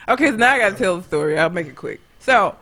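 A woman chatting on a podcast. She tells a story in an animated, profane way and laughs often. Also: on the high side, husky. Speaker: podcast co-host. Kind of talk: casual chat, storytelling.

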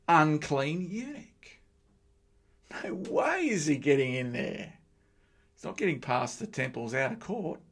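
A middle-aged man preaching a sermon, with lively joking asides to the congregation. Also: on the high side.

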